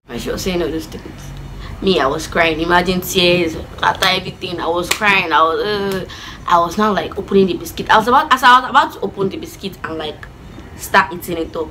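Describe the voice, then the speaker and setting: A young woman with a Nigerian accent telling a dramatic storytime vlog, animated and expressive, slipping in pidgin words. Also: medium pitch, quick pace, a little hiss or hum. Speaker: vlogger.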